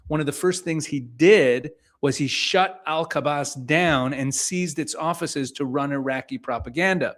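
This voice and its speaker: A man's voice: on the high side, fairly bright tone. A man giving political commentary to camera, explaining news and reading excerpts aloud, with frequent restarts.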